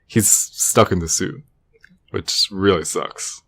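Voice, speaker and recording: A young man with a lowish voice chatting on a podcast, recorded dry and close. He hedges often and pushes back in an easygoing, joking way. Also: steady tone, takes it slowly, creaky, fairly bright tone, husky, no echo. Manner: easygoing, hedging, protests playfully. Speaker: podcast co-host. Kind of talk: casual podcast chat.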